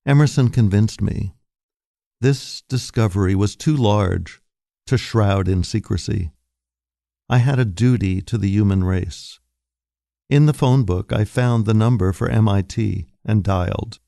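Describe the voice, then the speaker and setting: Man reading a short story, real slow, gravelly fry, dead dry sound. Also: on the low side, warm tone, no echo. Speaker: reader. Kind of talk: scripted narration of short fiction.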